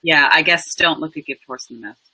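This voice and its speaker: A woman's voice: sits low, quick pace, pushed and bright, slightly rough, low-quality recording. A woman in her thirties, a guest on a casual live video chat, talking with dry, self-mocking humor over a webcam call.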